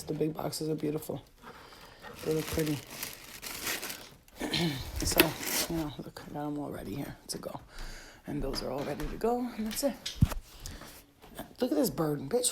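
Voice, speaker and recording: A woman's voice: sits low, noisy background. A woman who sells spiritual healing boxes, chatting casually and affectionately on a late-night livestream from home, full of slang and swearing.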